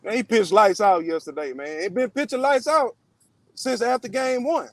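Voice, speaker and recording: High-voiced man, dry close sound. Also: moderate pace, dry recording. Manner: loose and slangy, with lots of "man" and "y'all". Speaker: sports podcast host. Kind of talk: casual sports commentary.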